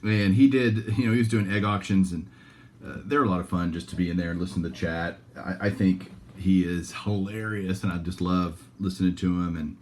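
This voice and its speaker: A man's voice: deep voice, steady tone, brisk, a little hiss or hum. A man hosting a card collecting channel, chatting casually to camera and rambling through asides and restarts. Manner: candid and chatty with viewers.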